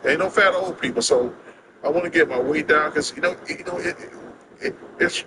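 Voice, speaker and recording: A man in his sixties, a guest telling casual stories in an animated, drawling way with quick laughs, recorded outdoors. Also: fairly high pitch, very noisy. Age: 60s. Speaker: interview guest. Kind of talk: casual storytelling chat.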